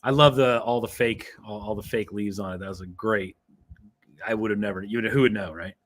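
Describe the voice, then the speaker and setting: A man hosting a casual live interview, asking relaxed questions with fillers. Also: fairly low pitch, fairly quick. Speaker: host.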